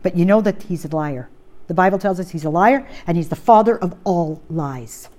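A woman preaching a sermon, repeating key phrases, asking rhetorical questions and slowing down to read scripture aloud. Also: on the low side, darkish tone.

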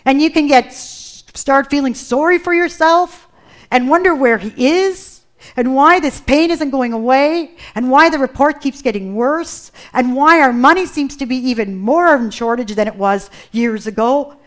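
A woman's voice: high voice, unhurried. A woman preaching a sermon in an earnest way, building intensity through emphatic repetition.

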